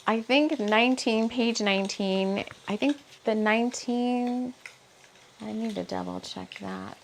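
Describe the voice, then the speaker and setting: A woman's voice: on the high side, unhurried, gravelly, slight background noise. A woman who is an author doing an intuitive spiritual reading, thinking aloud with many asides while she reads from her book.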